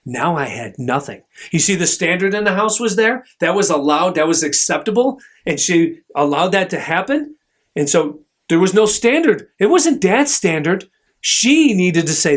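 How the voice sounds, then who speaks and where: A middle-aged man hosting a podcast, telling stories in an animated, emphatic way and acting out the voices in them. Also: on the high side, moderate pace. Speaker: podcast host, chiropractor. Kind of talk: motivational talk.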